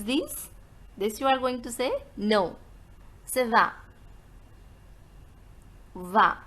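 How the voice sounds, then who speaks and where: A woman's voice: medium pitch, fairly bright tone, rough recording. A woman teaching numbers, saying each one twice, plainly. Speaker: French teacher. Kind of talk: slow spoken lesson with repetitions.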